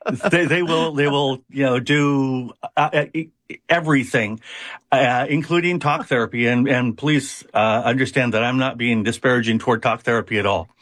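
A man's voice: mid-range voice, moderate pace, fairly bright tone, no room sound, clean studio sound. A man who runs a hypnosis practice, explaining his methods in an interview with frequent fillers and restarts. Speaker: hypnotist, founder of a hypnosis center. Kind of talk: conversational interview answers.

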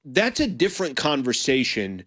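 Chatty American sports radio co-host. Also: male voice, mid-range voice, huge pitch swings, normal speed, fairly bright tone. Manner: conversational, hedging with restarts. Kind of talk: casual sports talk.

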